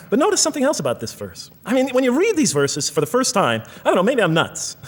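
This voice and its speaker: A man's voice: sits high, wildly swooping pitch, a little fast. An American man giving a reflective lecture, reading out verses and explaining them while thinking aloud and rephrasing himself. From United States. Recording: long hall reverb.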